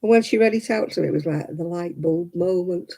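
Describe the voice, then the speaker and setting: A middle-aged crafting vlogger chats while crocheting at home, laughing often and making fun of herself. Her lowish, gravelly voice runs a little fast, and music plays in the background.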